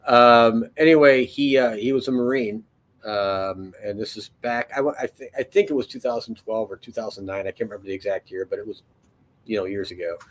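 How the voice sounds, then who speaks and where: A man's voice: on the low side, fairly even intonation, fairly quick. A man telling a long story in a casual, rambling way, full of fillers, restarts and swearing. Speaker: podcast host.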